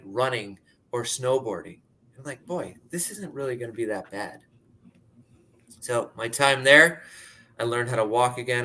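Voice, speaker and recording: A man's voice: mid-range voice, sharp tone. A man in his thirties from Pennsylvania, telling his personal story in a candid, conversational way, often saying "like". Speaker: speaker sharing his story.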